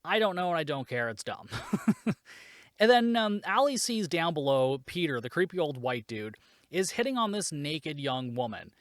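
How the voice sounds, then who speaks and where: A man's voice: fairly high pitch, a bit bright, dry recording, clean studio sound. A man hosting a solo movie podcast, recapping the plot in a sarcastic, swearing, casual way. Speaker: podcast host reviewing a movie.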